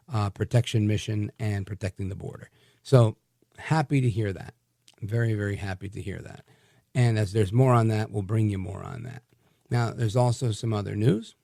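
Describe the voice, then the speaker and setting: Gravelly, combative male talk radio host. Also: medium pitch, no echo, clean studio sound. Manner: animated and combative, many restarts. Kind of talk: opinionated talk radio commentary.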